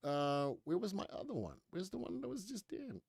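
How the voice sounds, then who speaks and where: American man, higher pitch, dry studio sound, casual live stock commentator. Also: wildly swooping pitch, moderate pace, creaky, darkish tone, breathy edge, no echo. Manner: chatty, reads headlines aloud and skims with "blah, blah". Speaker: stock market show host.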